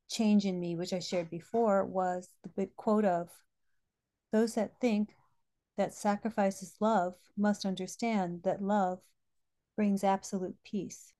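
A middle-aged woman with a medium-pitched, dark-toned voice hosts a podcast. She shares heartfelt personal stories and quotes scripture and other spiritual texts.

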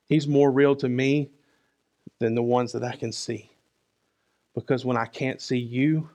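A man preaching a sermon in a conversational way, often asking "right?" and moving between loud and soft. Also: medium pitch, fairly even intonation, unhurried, pauses often. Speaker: pastor.

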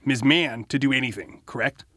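A man's voice: medium pitch, moderate pace, a bit bright, dry recording, clean studio sound. A man, a defense lawyer, cross-examining a witness with pointed, leading questions.

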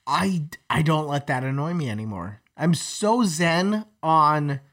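A man's voice: a little high, expressive, unhurried, a bit bright. A man co-hosting a podcast, chatting casually with a rambling, profane manner full of fillers and restarts. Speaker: podcast co-host. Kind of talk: casual chat.

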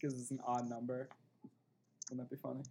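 A man's voice: medium pitch, completely flat delivery, fairly quick, a little mellow, a little hiss or hum. A young man with a Buffalo, New York accent, co-hosting a podcast in casual chat, hesitant with frequent restarts and easy laughter. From Buffalo, New York area. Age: young adult. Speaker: podcast co-host.

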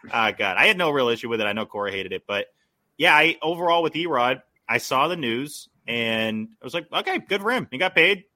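Bright-voiced man, rambling podcast guest. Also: mid-range voice, expressive, a little fast. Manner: rambling, many likes and restarts, laughs often. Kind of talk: casual podcast chat.

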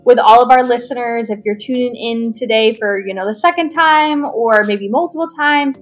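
Female podcast co-host, slightly high voice, giggly and teasing, faint music behind. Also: moderate pace. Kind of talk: casual podcast chat.

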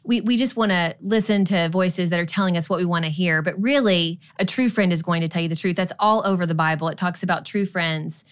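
A woman's voice: lowish voice, a little fast, few pauses. A woman co-hosting a marriage podcast, telling a personal story in an earnest, conversational way. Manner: earnest storytelling with quoted voices. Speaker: podcast co-host. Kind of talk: casual conversation.

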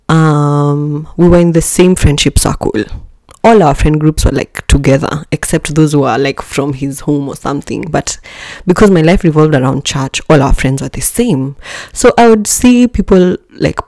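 Gravelly-voiced woman telling a candid story. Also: dry recording. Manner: candid and expressive, with jumps in pitch and level; joking asides to listeners. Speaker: podcast host. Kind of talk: casual personal storytelling.

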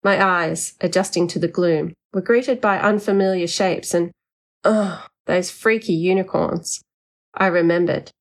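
Low-voiced woman narrating a story. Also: a little slow. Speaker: audiobook narrator. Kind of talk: first-person audiobook narration.

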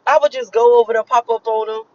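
A woman's voice: on the high side, steady tone, quick pace, darkish tone. Woman talking to her viewers from the car, rambly and cussing a lot, kinda emotional, muffled lo-fi sound. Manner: emotional, profane, repetitive storytelling with many fillers. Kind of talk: casual rambling monologue. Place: in a car while driving home.

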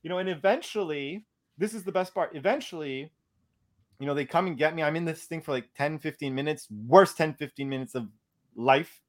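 A young man casually telling a story on a podcast, animated and profane, acting out what he said. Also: fairly high pitch, brisk.

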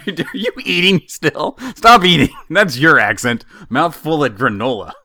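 A man's voice: on the high side, sing-song, unhurried, pushed and bright, no room sound. A man from the Utah and Idaho area with a slight Intermountain West accent, co-hosting a podcast in a playful, teasing way. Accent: Intermountain West American. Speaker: podcast co-host. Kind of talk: casual chat.

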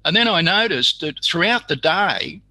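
A retired physicist. His voice sits a little high for a man and sounds very bright, with a husky edge. He tells his story haltingly, often stopping on fillers and starting his sentences again. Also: expressive, poor audio. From Australia. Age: older. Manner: halting, full of fillers and restarts, acts out quoted dialogue. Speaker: guest, retired radiation physicist. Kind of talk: interview storytelling.

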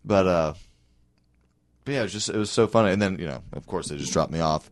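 A man's voice: low voice, quick pace. A man co-hosting a talk show, telling a story in casual chat and acting out the voices of the people in it. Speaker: co-host.

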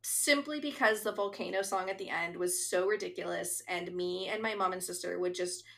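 A woman's voice: fairly low pitch, moderate pace, vocal fry, a bit bright. A woman in her thirties co-hosting a podcast, chatting earnestly and reading out episode summaries. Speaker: podcast co-host. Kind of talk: casual chat.

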